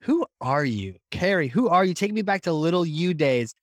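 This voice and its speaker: A man's voice: on the high side, sing-song, normal speed, no echo. A man hosting a podcast interview, asking questions with friendly jokes. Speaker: podcast host.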